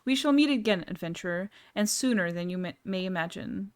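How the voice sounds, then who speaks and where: A woman's voice: medium pitch, animated, a little fast, darkish tone, slight background noise, close to an everyday voice. A woman reading aloud the lines of a mysterious, smug male game figure, with formal, old-fashioned diction. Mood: grandiose. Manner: archaic, formal and mock-gracious diction.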